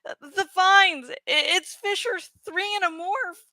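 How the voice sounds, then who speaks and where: A woman's voice: extremely high pitch, slow pace, bright, forceful tone, no echo, exaggerated voice. A woman reading aloud, voicing a young male alien warrior who stammers out an urgent warning.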